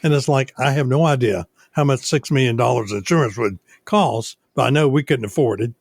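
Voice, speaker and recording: An older man, a radio station owner, telling stories unhurriedly in a casual interview, with many pauses. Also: mid-range voice, dry recording, clean studio sound. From United States.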